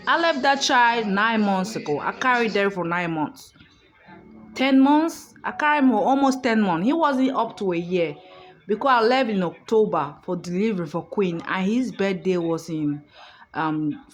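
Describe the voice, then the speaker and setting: A woman's voice: mid-range voice, animated, normal speed. A woman vlogger telling a personal story in a casual monologue, emphatic and outspoken, swearing freely, recorded in a hotel room.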